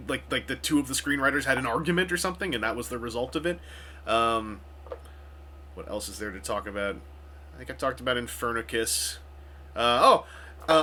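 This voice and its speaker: A man rambles to camera from home, his voice bright and a little tense as he stacks up fillers and false starts. He slips into dry, sarcastic asides while keeping a loose, offhand tone throughout. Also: medium pitch. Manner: chatty, frequent fillers and restarts, sarcastic asides. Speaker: vlogger reviewing a film. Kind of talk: casual rambling talk to camera.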